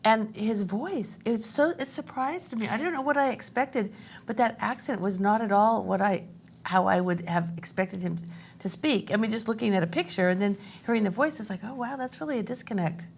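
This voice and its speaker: A woman's voice: mid-range voice, moderate pace, slight background noise. Chatty woman interview host. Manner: chatty, thinks aloud. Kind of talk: conversational interview.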